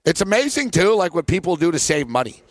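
Animated high-voiced man telling stories. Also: quick pace, dry recording. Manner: animated storyteller, many fillers. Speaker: sports betting show host. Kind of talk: casual chat.

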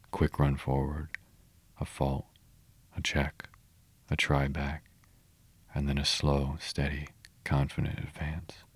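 Guy reading a storybook out loud, really deep voice, very flat, dry close sound. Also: husky, no echo. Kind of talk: reading a children's classic aloud.

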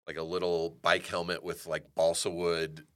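A man's voice: low-pitched, level tone, normal speed, smooth. A man being interviewed as an actor, telling stories animatedly and swearing freely. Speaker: actor guest. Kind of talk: casual interview storytelling.

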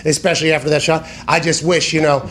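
Guy hosting a sports show, kinda high voice, swears a lot, rambles and fixes himself mid-sentence. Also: fast talker. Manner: profane, animated, emphatic; tangents and self-corrections. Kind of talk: casual sports talk.

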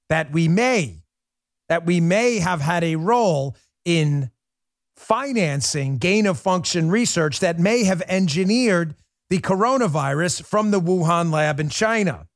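A man's voice: a little high, no echo, clean studio sound. A man hosting a political talk show, speaking to his listeners in a fervent monologue full of rhetorical questions. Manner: addresses listeners as folks.

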